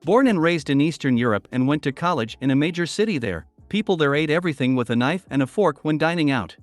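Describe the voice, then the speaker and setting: A man reading online stories aloud as a narrator in a steady voice. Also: fairly high pitch, quick pace, dry recording. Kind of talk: scripted story narration. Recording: dry with faint music behind.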